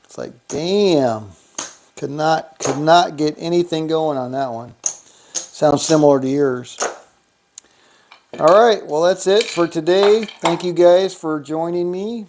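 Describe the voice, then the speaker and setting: A man hosting a casual livestream, counting out money and reading viewer comments aloud in a relaxed, thinking-aloud way. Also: fairly high pitch, measured pace, long pauses, a little hiss or hum. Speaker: livestream host. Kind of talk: casual live-stream chat.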